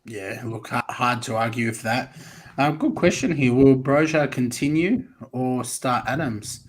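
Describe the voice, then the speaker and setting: An Australian man hosting a casual football podcast, chatty and relaxed, calling on guests and reading out viewer comments. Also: mid-range voice, normal speed. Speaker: podcast host.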